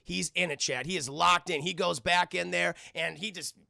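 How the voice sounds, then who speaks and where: A male streamer talks his live chat through an episode in a loose, rambling and profane way. His voice is very gravelly and bright, sitting a little high, recorded close and dry. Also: steady tone, normal speed, dry recording. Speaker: streamer and cartoon reviewer.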